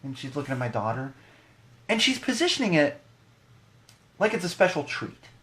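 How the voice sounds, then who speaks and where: A man's voice: a little high, very animated, moderate pace, fairly bright tone. A man in his thirties, a podcast co-host, ranting animatedly in a casual podcast monologue with many restarts.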